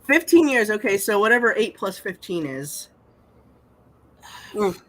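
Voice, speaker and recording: A woman co-hosting a casual chat, reading a story aloud and commenting with animated indignation. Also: mid-range voice, a little slow, rough recording.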